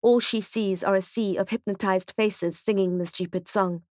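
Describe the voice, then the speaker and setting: A woman's voice: mid-range voice, normal speed, dry recording. Woman narrating a thriller audiobook, dry. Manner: tense, steady storytelling in present tense.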